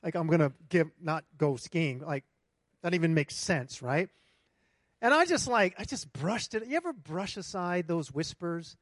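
A man preaching a sermon to a congregation, telling a lively personal story and asking the room for responses. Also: a little high, unhurried, no echo, studio quality. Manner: animated storytelling, talks to the congregation. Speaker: pastor. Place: church hall with congregation.

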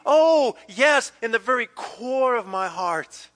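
A man preaching a sermon, telling a personal story with lively acted-out quotes and dropping to hushed, intense passages. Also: extremely high pitch, normal speed. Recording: long hall reverb.

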